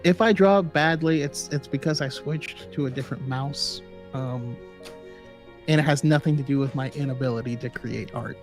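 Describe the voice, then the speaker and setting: A man's voice: mid-range voice, moderate pace, faint music behind. A man co-hosting a casual live podcast chat, jokey and self-deprecating.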